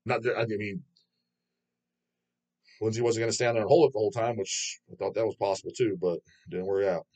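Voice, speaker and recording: A man's voice: fairly low pitch, fairly even intonation, brisk, long pauses, a little mellow. A man hosting his own channel, reading viewer comments aloud and answering them in a rambling, profane way, laughing often. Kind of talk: casual chat.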